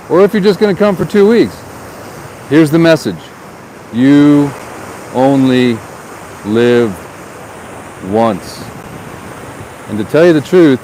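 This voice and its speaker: A man's voice: medium pitch, darkish tone, low-quality recording. A man, a real estate agent, talking in a chatty, rambling way while vlogging outdoors by the ocean on a handheld camera. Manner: rambling, chatty, repeats words. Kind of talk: casual vlog. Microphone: handheld camera on a gimbal. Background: ocean waves and wind.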